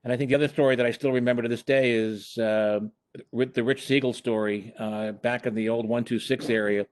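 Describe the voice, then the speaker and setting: A man's voice: medium pitch, fairly even intonation, fairly quick, no echo. An older man, a former emergency department chair, telling chatty hospital anecdotes with laughs and restarts over a video call. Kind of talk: casual storytelling on a video call.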